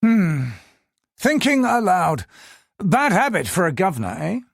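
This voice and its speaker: A man puts on a brooding older colonial governor, his voice pitched up and swinging widely. He speaks in a clipped, upper-class way with a husky edge. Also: very animated, unhurried, no room sound, studio quality, heavily acted. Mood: brisk, clipped.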